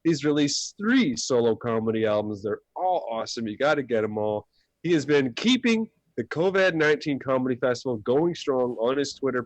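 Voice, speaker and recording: A Canadian man introduces the next act in a dry, close-sounding recording, his pitch and tone sitting in the middle. He lists the performer's credits with an upbeat, admiring energy. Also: no room sound. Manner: giggly, then hyping up the next act. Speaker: comedy show host. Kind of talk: live stream hosting.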